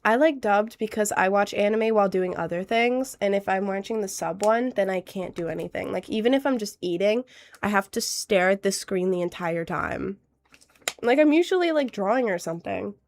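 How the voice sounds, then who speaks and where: Medium in pitch and animated, this teenage streamer in her late teens has a cold that leaves her stuffy and slightly nasal. She chats casually on her livestream, bubbly, rambling, and quick with a laugh.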